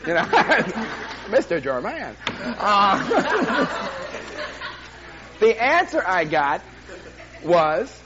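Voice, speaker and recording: Older man, pastor, sermon, animated storytelling, faint room noise. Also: a little high, takes it slowly, long pauses, dull audio. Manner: animated, self-deprecating storytelling with laughs.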